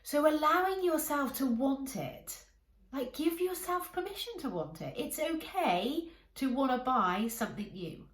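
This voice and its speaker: Calm woman coaching, echoey room. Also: high-pitched, unhurried. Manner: calm, encouraging, speaks directly to listener. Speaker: life coach. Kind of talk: coaching talk to camera.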